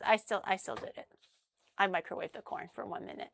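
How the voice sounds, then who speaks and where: A woman streamer chatting casually with her viewers, telling an animated story full of acted-out quotes. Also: mid-range voice, brisk, creaky, no echo. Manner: animated storytelling, acts out quotes, frequent laughs.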